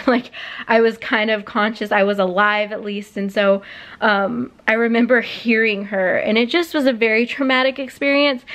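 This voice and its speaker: A woman's voice: on the high side, a bit bright. A woman in her late twenties telling a personal story on her vlog, rambling with many fillers and close to tears. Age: late 20s. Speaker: vlogger.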